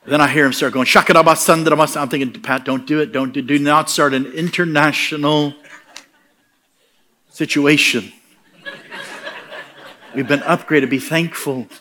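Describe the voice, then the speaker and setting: An American man preaching in a storytelling style. His voice is bright and forceful, and he slips into animated comic voices for the people in his story. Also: on the high side, measured pace, pauses often. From United States. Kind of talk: storytelling sermon.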